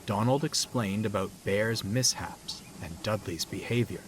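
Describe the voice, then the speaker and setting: A man narrating a storybook tale in a measured, expressive way. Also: lowish voice. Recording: loud background noise.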